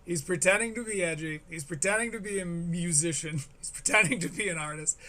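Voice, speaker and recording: American guy ranting on his stream, sarcastic and sweary, bright voice. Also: high voice, a little fast. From United States. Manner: sarcastic, profane and critical. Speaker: streamer reacting to a comedy special. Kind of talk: live-stream reaction commentary.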